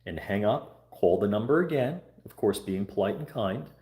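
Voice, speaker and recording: A man's voice: on the low side, animated, moderate pace, dark tone. Man urging viewers in an echoey room. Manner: earnest, repetitive urging, coaching viewers through scripted phone calls. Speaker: livestream host. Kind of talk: casual livestream talk. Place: home room.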